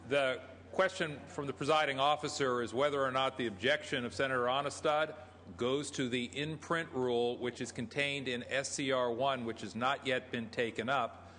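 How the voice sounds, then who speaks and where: Bright-voiced man presiding over a chamber. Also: medium pitch, steady tone, normal speed. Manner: formal, procedural. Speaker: presiding officer. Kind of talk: formal parliamentary chairing. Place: large legislative chamber. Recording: reverberant chamber with faint room hum.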